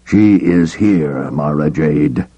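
A man voicing a deluded, grandiose old male dark Jedi master in an audiobook, drawing out each solemn pronouncement slowly. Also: very deep voice, husky, highs cut off, full character voice. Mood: eerie. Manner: slow, drawn-out, solemn pronouncements. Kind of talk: audiobook character voice.

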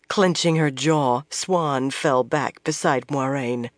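A narrator giving a measured, expressive reading of a novel. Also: mid-range voice, no echo, studio quality. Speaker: audiobook narrator. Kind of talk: scripted narration.

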